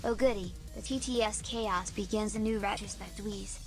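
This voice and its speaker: A synthetic female text-to-speech voice reading chat messages in a flat way. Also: medium pitch, moderate pace, music in the background.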